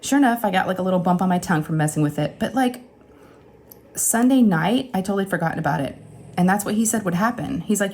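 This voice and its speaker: A middle-aged woman telling a casual, chatty story straight to her viewers, animated and often acting out what people said. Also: mid-range voice, quick pace. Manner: chatty, animated retelling with acted-out quotes and laughs. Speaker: crafting channel host.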